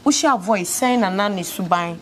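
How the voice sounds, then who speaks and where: A woman's voice: mid-range voice, moderate pace, slight background noise. Ghanaian woman, street interviewer, short prompting questions, murmured backchannels, faint outdoor ambience.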